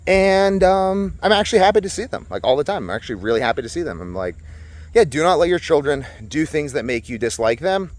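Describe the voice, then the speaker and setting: Young male vlogger, outdoors; blunt, sarcastic, very lively pitch. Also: brisk. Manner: blunt, animated ranting with sarcastic asides. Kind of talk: casual monologue to camera. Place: outdoors at a resort.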